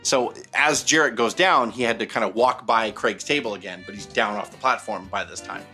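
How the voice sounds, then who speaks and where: Casting: man, bright forward tone, easygoing storyteller, soft music underneath. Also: fairly low pitch, brisk. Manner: rambling, animated, many fillers. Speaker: podcast co-host telling stories. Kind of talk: casual storytelling chat.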